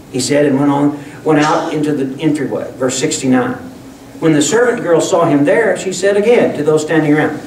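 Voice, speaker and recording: A man's voice: fairly high pitch, a little fast, darkish tone, slight background noise. A man preaching a sermon as pastor, talking in a folksy, conversational way with frequent restarts. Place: church sanctuary. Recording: echoey room, distant mic.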